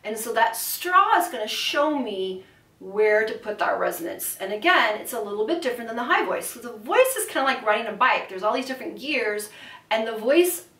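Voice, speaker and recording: A woman's voice: fairly high pitch, lively intonation, brisk, bright, forceful tone. A woman voice teacher giving an upbeat, encouraging singing lesson to camera. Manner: upbeat, encouraging, demonstrates with buzzing. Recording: echoey room from a distance.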